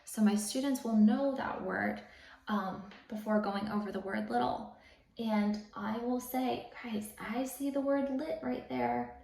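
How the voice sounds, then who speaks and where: A woman teacher calmly explaining how to teach sight words, step by step, in a patient, instructional manner. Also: fairly high pitch, a little slow, creaky. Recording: roomy, slightly distant mic.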